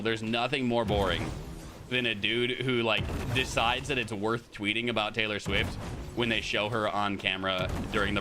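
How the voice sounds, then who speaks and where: A man's voice: medium pitch, background noise. A young man chatting casually on a live stream, rambling and swearing, with frequent laughs.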